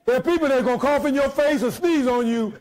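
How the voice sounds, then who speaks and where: A man preaching a sermon as pastor, shouting out to his congregation with folksy, joking asides. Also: very high voice, fast talker, low-quality recording.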